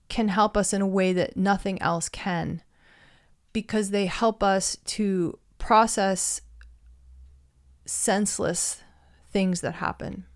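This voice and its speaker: A woman casually retelling an old myth and reflecting on why stories matter, in a thoughtful way. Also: fairly low pitch. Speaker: storyteller. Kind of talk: reflective storytelling monologue.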